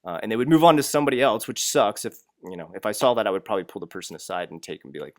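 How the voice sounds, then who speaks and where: A young man with a lowish voice rants bluntly in a casual advice vlog, swearing freely as he talks through his workplace troubles. His voice is recorded close and dry, with no room sound around it. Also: animated, racing, hardly any pauses, dry recording. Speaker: English teacher in Japan.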